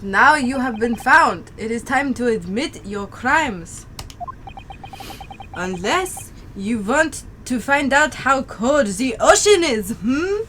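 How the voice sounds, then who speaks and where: A woman voicing a stern accusing interrogator in a mock German accent that slides around, reading game dialogue slowly. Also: on the high side, animated, bright, forceful tone, slight background noise, exaggerated voice. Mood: menacing. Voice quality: slow, menacing, looping accent. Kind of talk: game dialogue read aloud on stream.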